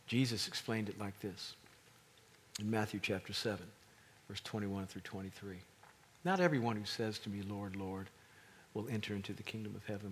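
A middle-aged man preaching a sermon, animated and rising to emphatic peaks. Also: lowish voice, a little hiss or hum.

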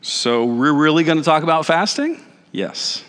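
A man in his forties, a pastor giving a conversational sermon with animated, self-deprecating asides. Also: mid-range voice, moderate pace. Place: church sanctuary. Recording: reverberant church hall.

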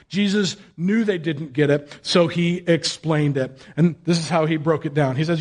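A man's voice: on the high side, normal speed, hardly any pauses. Casual, joking male pastor preaching. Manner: casual, joking, animated storytelling. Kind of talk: conversational sermon.

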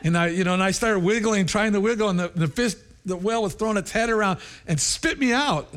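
A man preaching a sermon as a pastor, telling stories with lively energy, laughing often and jumping higher when acting out voices. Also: a little fast.

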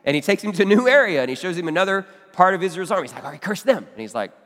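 A man's voice: high voice, animated, rapid-fire, fairly bright tone. A man preaching a teaching sermon in a church, talking conversationally and checking in with the listeners. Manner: conversational teaching with asides and questions. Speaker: pastor. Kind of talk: expository sermon. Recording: long hall reverb.

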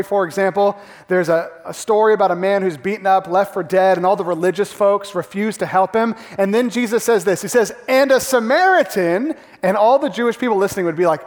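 A male pastor preaching a sermon, animated, acting out the crowd's gasps and the characters' lines. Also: high voice. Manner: animated, acts out gasps and quotes. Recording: long hall reverb.

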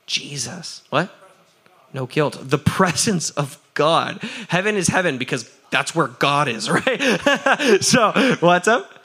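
A man preaches to a crowd with a fairly high voice. He keeps it lively and casual, throws questions out to the listeners, and laughs between points. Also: slow pace, husky. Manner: energetic, asks the crowd for answers; laughs often, repeats "right?". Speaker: pastor. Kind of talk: sermon.

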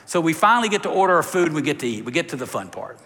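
A man preaching a sermon, telling a story with lively, direct appeals to the congregation. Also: fairly high pitch, rapid-fire. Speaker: pastor. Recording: reverberant hall.

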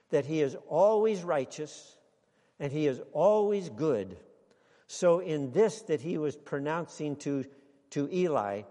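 A man preaching a sermon to a congregation, speaking deliberately and building to emphatic exclamations. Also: fairly high pitch, darkish tone, long reverb tail. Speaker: pastor.

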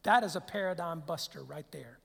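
A man's voice: a little high, fairly quick, gravelly, a bit bright, husky. A man preaching a sermon as pastor, conversational, with rhetorical questions and frequent restarts. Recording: long hall reverb.

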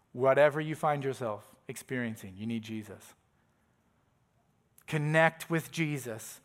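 A male pastor delivering a sermon in an easy middle register. He tells his story steadily, then sinks to a near hush on the emotional beats. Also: mid-range voice. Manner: storytelling, dropping to a hush at moving points.

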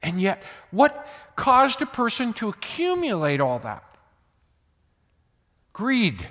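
An older man delivers a sermon from the pulpit, his high voice leaping up and down as he moves from loud, emphatic bursts to quiet asides. He takes his time, and his words ring out in the long reverb of a big hall. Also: huge pitch swings, slow pace. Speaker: pastor.

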